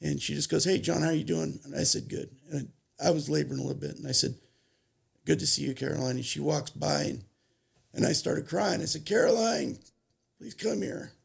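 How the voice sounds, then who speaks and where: A man with a deeply gravelly, rough-edged voice tells his recovery story as a podcast guest. He halts, restarts and corrects himself while working through hard memories. His delivery sounds husky and worn. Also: fairly even intonation. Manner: halting, restarts and self-corrections, emotional retelling. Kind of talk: personal storytelling.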